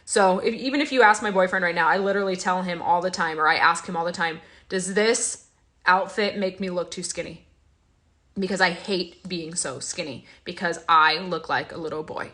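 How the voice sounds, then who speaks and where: A woman's voice: fairly low pitch, normal speed, fairly bright tone. A young woman hosting a casual vlog, talking in an emotional, confiding way with many fillers and restarts. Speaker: host.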